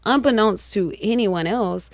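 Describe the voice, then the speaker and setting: A woman's voice: medium pitch, a little slow, no room sound. A woman with a Southern accent, a podcast guest talking candidly and reflectively, repeating words for emphasis. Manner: earnest, reflective, emphatic repetition.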